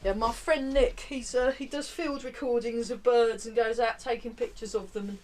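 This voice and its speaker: A woman's voice: fairly high pitch, fairly even intonation, moderate pace, darkish tone, recorded from a distance, poor audio. A woman teaching a tai chi class, chatting easily between movements and counting them aloud.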